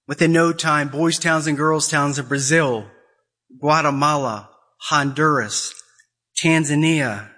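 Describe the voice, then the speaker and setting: A man's voice: slow pace, sharp tone. A man preaching an impassioned sermon, growing emotional and acting out quoted conversations. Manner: emotional, rising to high-pitched pleading; acts out quoted dialogue.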